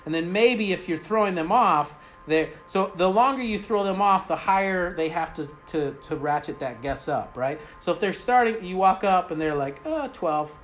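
A man's voice: high voice, expressive, normal speed, hardly any pauses, fairly bright tone, faint music behind. A man who coaches men on dating, talking casually on a podcast, rambling with many fillers and a constant "right?". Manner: rambling, filler-heavy, says "right?" often.

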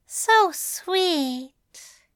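A woman reading a story, voicing a gentle, affectionate male angel who coaxes softly. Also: extremely high pitch, lively intonation, very slow, no echo, studio quality, voice pushed up, heavily acted. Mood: tender. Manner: soft, crooning, coaxing.

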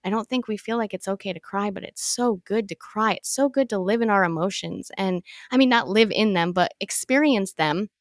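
A woman's voice: medium pitch, brisk, hardly any pauses, no room sound, clean studio sound. A woman guest in a casual podcast conversation, talking with enthusiasm and repeating phrases for emphasis.

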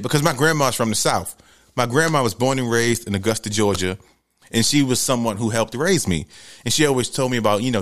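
A man telling a story in a loud, lively, profane style. His pitch swings widely. He often jumps into sudden shouts. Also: brisk. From New York City.

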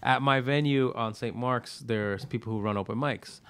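New dude rambling fast about the comedy scene, loose and sweary. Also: male voice, mid-range voice, a bit bright, clear, resonant tone. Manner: quick, loose, swearing, lots of fillers. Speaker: podcast guest, comedian and restaurateur. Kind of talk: casual chat.

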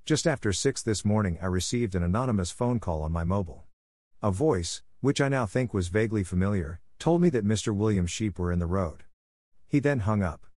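A man reading as a brisk, businesslike estate manager. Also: lowish voice, lively intonation, a little mellow, no echo, clean studio sound. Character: practical middle-aged man, exasperated estate manager.

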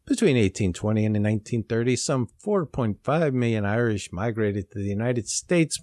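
A man co-hosting a casual podcast, reading history aloud in a slow, dramatic way. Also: fairly low pitch, expressive, darkish tone, no room sound, studio quality. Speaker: co-host.

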